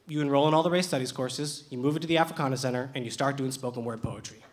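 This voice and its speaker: A young man telling a true personal story live on a stage, lively and animated with comic timing. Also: mid-range voice, fast. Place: theater stage with audience.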